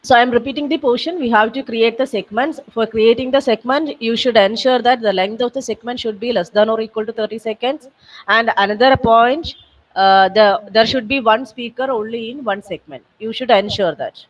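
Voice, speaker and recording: A woman's voice: a little high, normal speed, recorded from a distance, rough recording. Woman teaching on a video call. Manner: patient, repetitive step-by-step instructions with fillers. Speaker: software trainer. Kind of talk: online training session walkthrough.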